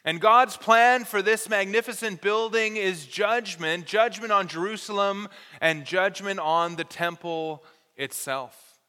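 A man preaches with a high, bright voice and teaches earnestly, stressing key words. His tone is smooth and clear. A long reverb trails each phrase, as in a large hall. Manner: earnest, explanatory teaching with careful emphasis. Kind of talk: expository sermon.

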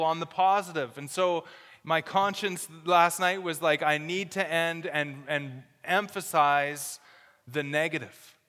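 A man's voice: sits high, pushed and bright. A male pastor preaching a sermon, reading scripture aloud and giving earnest, urgent warnings. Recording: long hall reverb.

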